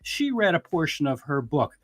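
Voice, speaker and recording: A man's voice: fairly high pitch, very animated, normal speed, no room sound. A man who is an attorney, giving blunt, emphatic criticism in a casual podcast discussion. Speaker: guest commentator, attorney.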